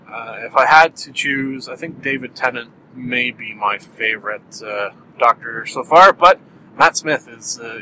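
Casting note: Canadian male podcast host, bright and forward voice, self-amused rambling delivery. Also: medium pitch, slight background noise, rough recording. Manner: rambling, self-amused, laughs at own jokes. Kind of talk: solo rambling review chat.

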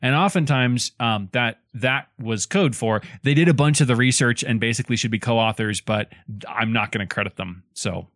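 A man's voice: mid-range voice, moderate pace, a bit bright, no room sound, studio quality. A man in casual podcast chat, making wry joking asides.

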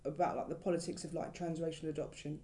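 A woman's voice: deep voice, fast. A woman co-hosting a casual conversation, speaking in loose, trailing fragments and lifting her voice when she quotes people. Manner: talks in loose, trailing fragments, animated when quoting others.

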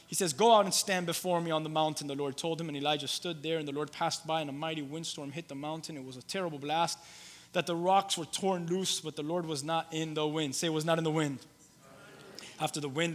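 A male pastor preaching a sermon, shifting between loud emphatic lines and soft, low storytelling, with halting restarts and repeated phrases. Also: steady tone. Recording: long hall reverb.

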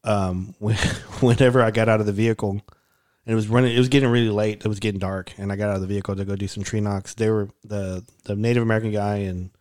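Guy rambling thru old stories on a podcast, lowish voice, lots of restarts. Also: fairly even intonation, a little mellow. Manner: rambling, halting, many restarts. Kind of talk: casual storytelling chat.

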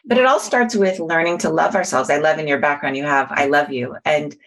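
A middle-aged woman with a low, husky voice talks in a relaxed podcast chat. She explains ideas patiently and earnestly, like a teacher sharing personal lessons. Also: fairly quick. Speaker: guest, mindfulness teacher. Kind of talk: casual podcast conversation.

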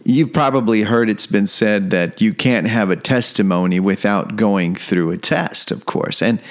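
A man's voice: on the low side, a little slow. A man preaching a devotional sermon, earnest, repeating phrases and building toward fervor.

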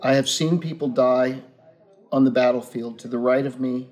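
A man's voice: mid-range voice, fairly even intonation, normal speed, a little mellow. A man who is a guest in a casual chat, speaking in earnest, philosophical pronouncements. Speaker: guest playwright.

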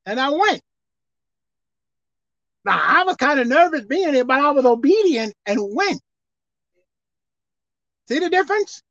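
A woman pastor preaching a sermon, swinging from soft, quiet asides to shouted emphasis. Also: high voice, very animated, measured pace, long pauses, no room sound. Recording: dull dry sound.

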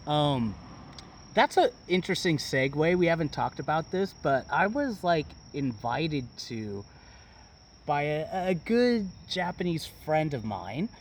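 A man's voice: on the high side, very animated, unhurried, far from the mic, a little hiss or hum. A man chatting casually as podcast host outdoors in a park, hesitant with many filler sounds. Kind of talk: casual chat.

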